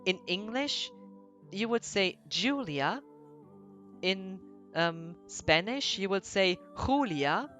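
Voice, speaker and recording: Brief: woman streaming a game, slow chatty commentary, faint music behind. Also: mid-range voice, a bit bright. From Germany. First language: German. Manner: chatty, explaining with many fillers. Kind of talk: gameplay commentary.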